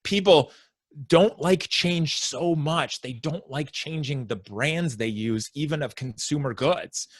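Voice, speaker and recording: A man, a sales consultant, explaining his approach as a podcast guest and acting out his clients' worries in quick asides. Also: fairly high pitch, no room sound, studio quality. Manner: animated explainer, acts out prospects' inner voices. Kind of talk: conversational interview.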